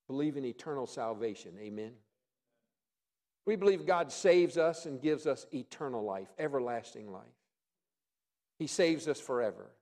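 Pastor, male, fairly high voice; emphatic sermon delivery with folksy humor and big swings between loud and soft. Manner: emphatic, rises and drops in volume for effect.

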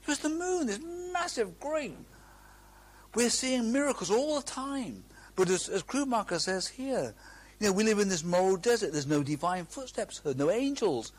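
Husky, somewhat high-pitched man, middle-aged preacher, earnest sermon, slow emphatic phrases. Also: animated.

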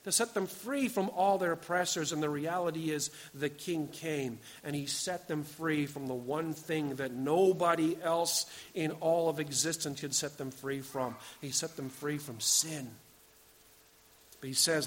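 A man in his forties preaching a sermon, earnest, moving between loud urging and quiet storytelling. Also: on the high side, measured pace. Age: 40s. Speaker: pastor.

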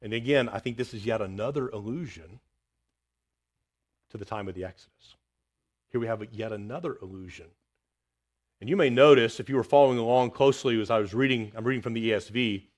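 A man preaching a sermon, reading scripture aloud and dropping quiet and low for the words of God. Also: fast talker. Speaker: pastor.

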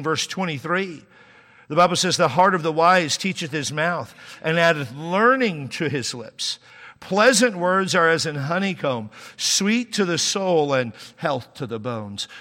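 A man's voice: high voice, bright, forceful tone. A man, a pastor, preaching a sermon in a conversational way, with humor and sudden emphatic rises. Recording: long hall reverb.

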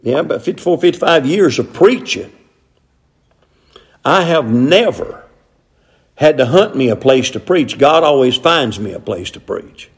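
A man's voice: mid-range voice, animated, measured pace, creaky, long pauses, breathy edge. An older man, preaching a sermon in a folksy way with frequent amens. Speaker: pastor.

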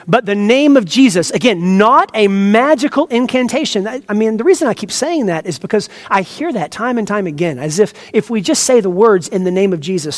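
A man's voice: high voice, big-room sound. A man pastor preaching an expository sermon, earnest and teacherly, with emphatic stresses and asides to the congregation.

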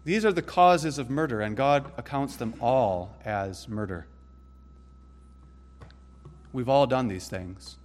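A man preaching a sermon in an earnest way, rising to emphatic peaks and then dropping low and soft. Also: takes it slowly, long pauses.

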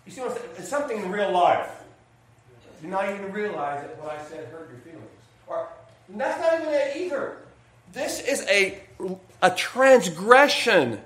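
At normal speed and in a high-pitched, sing-song, slightly bright voice, a pastor gives a midweek sermon. He's a folksy, jokey storyteller using tales to make his point, and the church sanctuary adds echo.

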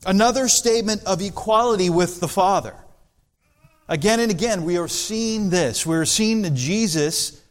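Male pastor preaching, somewhat high pitch, earnest and intense. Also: moderate pace. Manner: earnest preaching, rising intensity when quoting scripture. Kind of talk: expository sermon.

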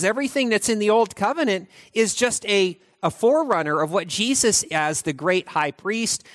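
A male pastor preaches in a loose, conversational way. His voice sits high and leaps up and down as he explains, doubling back and restarting his sentences. The sound is close and dry, with no room around it. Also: no room sound. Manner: animated, chatty preaching with frequent restarts. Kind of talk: conversational sermon.

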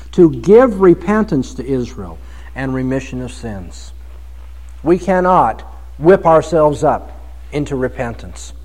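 A man preaching an expository sermon on a Bible passage, swinging from soft reflection to emphatic, pleading delivery. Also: a little high, poor audio.

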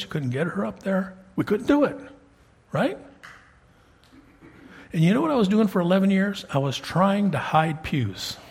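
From the sanctuary pulpit, a middle-aged pastor preaches in a somewhat husky, breathy voice pitched on the high side with a darkish tone. His style is conversational, and he pushes up emphatically when driving a point home.

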